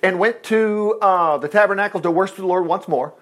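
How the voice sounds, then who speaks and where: A man's voice: sits high, brisk. A man retelling a Bible story in a folksy sermon, breaking off for jokey asides and acting out the characters. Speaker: preacher teaching a Bible lesson.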